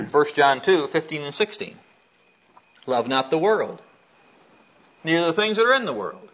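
A man preaching a sermon, telling a personal story and reading scripture aloud in an animated way. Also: on the high side, a little slow. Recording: dull lo-fi recording.

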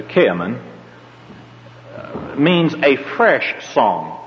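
An older man with a Southern accent teaching a Bible class, rambling and folksy, with frequent hesitations. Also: medium pitch. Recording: dull lo-fi tape in a reverberant hall.

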